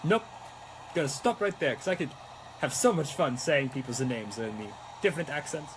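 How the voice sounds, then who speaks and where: Young adult man, high and animated, chatty prop-making streamer, playful. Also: normal speed, noisy background. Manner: playful, chatty, slips into mock-Italian exclamations. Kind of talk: casual chat while crafting.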